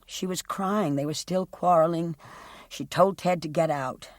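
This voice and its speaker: A woman's voice: fairly low pitch, dry recording, studio quality, close to an everyday voice. A woman reading a subdued grieving young witness. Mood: distressed. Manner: quiet, subdued, halting. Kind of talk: audiobook character reading.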